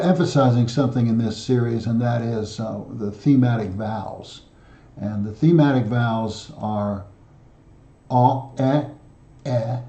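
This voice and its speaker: A man teaching an Ancient Greek lesson in a patient, methodical way, pausing often with fillers and restarts. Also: mid-range voice, warm tone. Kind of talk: recorded language lesson. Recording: echoey room, dull lo-fi sound.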